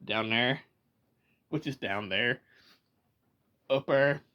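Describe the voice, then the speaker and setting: A Georgia man with a Southern accent speaks slowly in a mid-range voice, and the audio sounds dull. Talking casually to the camera, he discusses regional accents, wandering into asides and laughing along the way.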